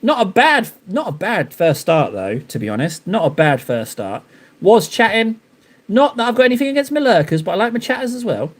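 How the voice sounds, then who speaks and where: A young man hosts a live stream and chats with his viewers while he paints miniatures. His voice sits a little high and swings widely in pitch. He teases his chat with playful, mock-dramatic flair. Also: very animated, a little fast.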